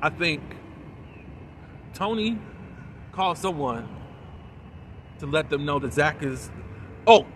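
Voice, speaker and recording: A man giving a casual, animated recap and review of a TV episode, full of fillers and quoted lines. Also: on the high side, slow, pauses often, slight background noise.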